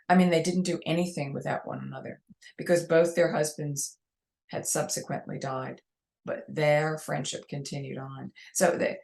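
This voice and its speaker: Interview guest: a woman with a New York accent and a low voice, a chatty, rambling storyteller. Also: gravelly, a little mellow. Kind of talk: casual interview chat.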